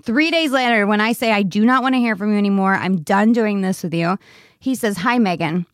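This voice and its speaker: A woman's voice: mid-range voice, fairly quick, no echo, studio quality. A woman co-hosting a casual podcast chat, talking candidly and laughing often. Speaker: podcast co-host.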